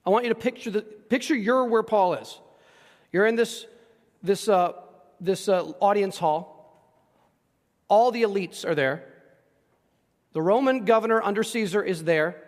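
A man preaching an expository sermon, animated and emphatic, acting out the voices of the people in the passage and asking rhetorical questions. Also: high voice, measured pace, long pauses, in a large hall. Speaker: pastor.

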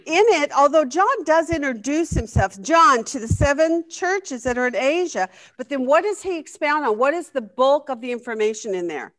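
A woman with a high, light voice leads a Bible study group. She teaches in an eager, questioning way, drawing answers from her class and responding with excitement. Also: moderate pace, hardly any pauses. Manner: enthusiastic, asks the class questions. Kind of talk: interactive Bible lesson.

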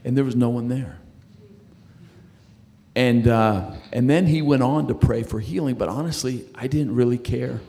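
A medium-pitched, dark-toned voice with vocal fry comes from a middle-aged man sharing his faith story conversationally. He halts often, repeating words and restarting while he speaks.

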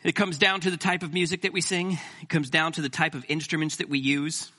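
A middle-aged man preaching a sermon as pastor, animated and joking with the congregation. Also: on the high side, brisk.

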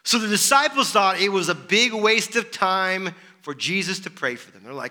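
Pastor, male, high voice, animated sermon delivery with rhetorical questions. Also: a little fast, few pauses.

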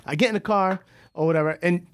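High-pitched dude telling a crazy story, keeps cracking up, dry close sound. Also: male voice, quick pace, no echo. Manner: animated, laughing storyteller, swears freely. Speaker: podcast co-host. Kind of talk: casual storytelling chat.

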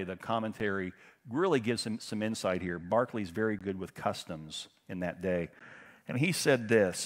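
Preaching man with dramatic dynamic swings. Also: fairly low pitch. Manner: dramatic swings from loud emphasis to hushed intensity; conversational storytelling with fillers. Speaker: pastor. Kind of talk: sermon.

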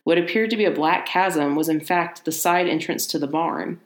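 A woman reading a horror story aloud in steady narration, now and then adding a casual aside of her own. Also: on the low side, moderate pace, roomy sound.

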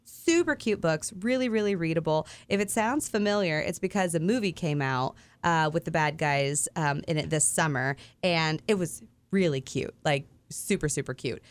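A woman's voice: low-pitched, animated, normal speed, hardly any pauses. Chatty, laughing woman radio co-host. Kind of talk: casual morning radio chat.

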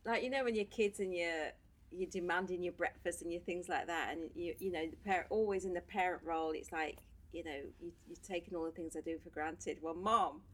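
Lower-voiced woman telling stories. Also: a little fast. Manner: animated storyteller, laughs often. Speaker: podcast guest, social worker. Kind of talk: casual storytelling chat.

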